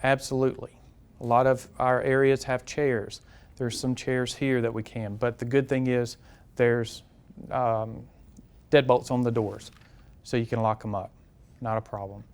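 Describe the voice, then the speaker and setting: A Southern US man with a medium-pitched voice delivers his lines flatly at a measured pace, and the tone is clean. As a campus police safety trainer at a live seminar in a classroom lecture room, he speaks conversationally and directly, restating key points and asking the room questions.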